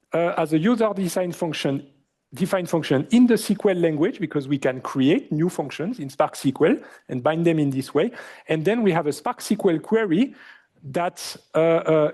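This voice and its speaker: A man lecturing in a university hall, speaking English with a French accent. His voice is slightly high and mellow. He keeps asking the students questions and fills pauses with "uh" and "um". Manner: asks the class questions, many fillers.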